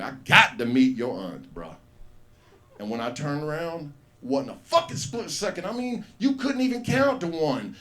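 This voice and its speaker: Profane man hosting open mic. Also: sits high. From US South. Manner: rambling, profane, acts out voices in his story. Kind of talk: stand-up storytelling. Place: comedy club stage.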